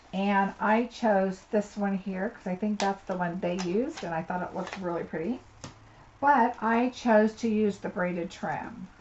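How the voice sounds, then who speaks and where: A woman's voice: medium pitch, darkish tone. Woman doing a craft demo at her desk, chatty, kinda dull audio w/ a bit of hiss. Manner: chatty, thinks aloud while working. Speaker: card-making demonstrator. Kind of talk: live craft tutorial. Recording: slightly dull audio with faint noise.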